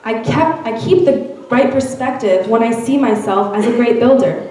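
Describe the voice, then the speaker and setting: A woman's voice: fairly high pitch, normal speed, a little hiss or hum. Woman reading a story in an echoey hall. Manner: expressive storytelling. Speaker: reader at a church Mother's Day event. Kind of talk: reading a narrative aloud. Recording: very echoey room, from far off.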